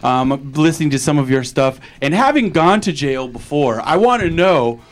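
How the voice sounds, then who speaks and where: A man's voice: fairly high pitch, big pitch swings, normal speed. Laid-back laughing male host. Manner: loose, laughing, rambling questions. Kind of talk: casual interview chat.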